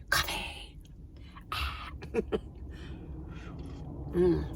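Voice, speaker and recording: A woman's voice: fairly low pitch, slight background noise. A middle-aged woman vlogging from inside her minivan, chatting casually and rambling, often restarting her sentences. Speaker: van-life vlogger. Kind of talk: casual chat to camera.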